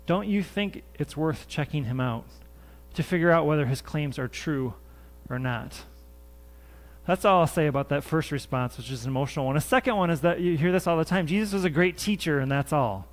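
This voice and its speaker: A male pastor preaching to his congregation in a church. He speaks in an earnest, conversational way and circles back over his own phrases for emphasis. His voice sits a little higher than most men's. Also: a little fast. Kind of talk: sermon. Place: church sanctuary.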